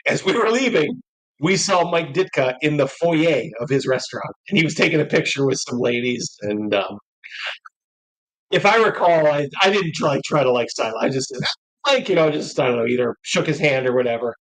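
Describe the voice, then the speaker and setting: Man, host, casual tipsy chat, rambling storyteller, lively pitch, slightly high voice. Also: normal speed, poor audio. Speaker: podcast host. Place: convention live stream.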